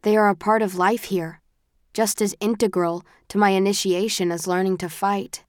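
A woman reading a first-person audiobook in a measured, even storytelling manner. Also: medium pitch, dry recording, studio quality. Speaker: audiobook narrator. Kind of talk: scripted first-person narration.

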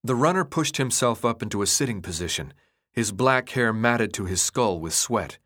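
Expressive male audiobook narrator. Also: lowish voice, normal speed. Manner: expressive storytelling. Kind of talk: scripted narration.

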